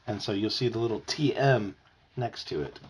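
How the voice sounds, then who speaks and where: A man with a gravelly voice reading a children's book aloud at home, lively and expressive. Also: fairly low pitch, moderate pace, a little hiss or hum.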